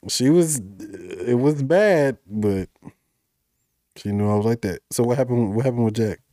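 A man's voice: mid-range voice, lively intonation, unhurried, mellow, dry recording, studio quality. A man co-hosting a podcast, chatting in a slangy, teasing way. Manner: laid-back teasing, slangy. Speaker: podcast co-host. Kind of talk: casual chat.

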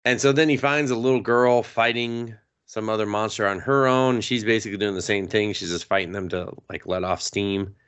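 A man casually recapping an anime on a podcast, crude and joking, popping into high silly voices for the characters. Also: brisk, fairly bright tone, smooth. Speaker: podcast co-host. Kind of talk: casual anime review chat.

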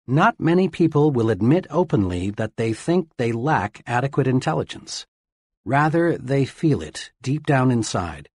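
A man giving a steady, earnest reading of scripted self-help narration, in the manner of an audiobook narrator. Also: medium pitch, husky, no room sound, clean studio sound.

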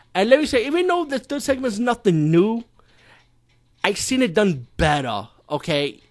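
Profane, exasperated male movie reviewer. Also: a little high. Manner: profane, exasperated, incredulous, swings from loud outbursts to muttering.

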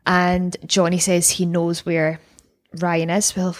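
A woman's voice: on the low side, flat delivery, a little slow. Wry woman recapping a show. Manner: chatty, wry, laughs often. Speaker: podcast co-host. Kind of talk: casual recap chat.

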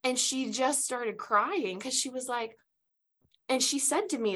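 A woman's voice: fairly high pitch, measured pace. A woman hosting a podcast, telling a personal story in casual chat and acting out the dialogue she quotes. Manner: animated, acts out quoted dialogue. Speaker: podcast host.

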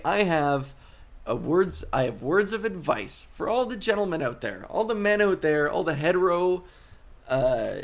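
A male comedian hosting a podcast alone, talking in a casual, rambling monologue, interrupting himself and swearing. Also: high-pitched. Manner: rambling, self-interrupting, profane.

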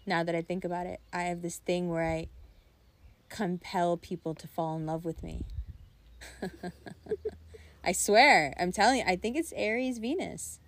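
A young woman in casual conversation, her voice sitting a little low for a woman. She tells stories in a loose, rambling way, with "like" scattered through her talk. She often breaks into laughter as she goes. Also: a little slow, pauses often. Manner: rambling, animated storytelling with frequent "like" and bursts of laughter. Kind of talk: casual chat.

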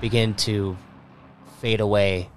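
A man's voice: lowish voice, steady tone, slight background noise. A man narrating a tabletop role-playing game as game master, stumbling and restarting his sentences. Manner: halting, many restarts.

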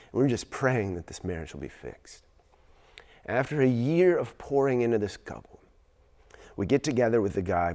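A pastor preaching a sermon, moving from a quiet, hushed retelling of a story to emphatic, raised preaching. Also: male voice, on the low side.

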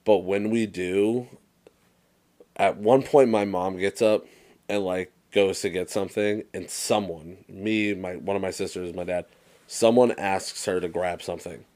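Deep-voiced young man telling stories. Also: unhurried. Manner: animated storyteller, swears freely, acts out movie quotes. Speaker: podcast co-host. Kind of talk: casual chat.

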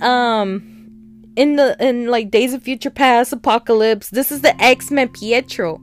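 A woman's voice: sits high, slow pace, faint music behind. A woman casually recapping and reviewing a TV episode, rambling along and acting out the characters' lines. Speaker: TV show reviewer.

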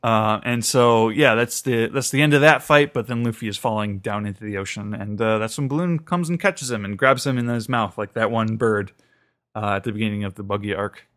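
A man's voice: fairly low pitch, brisk, a bit bright. A man co-hosting a podcast, casually recapping an episode with lots of fillers and restarts. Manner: rambling retelling with many fillers and restarts. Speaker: podcast co-host.

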